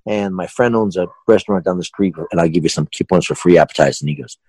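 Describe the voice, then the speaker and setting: A man who manages a haunted house, telling a funny customer anecdote with animated delivery and frequent laughs. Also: low-pitched, fast talker, husky, no echo, rough recording. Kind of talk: storytelling anecdote.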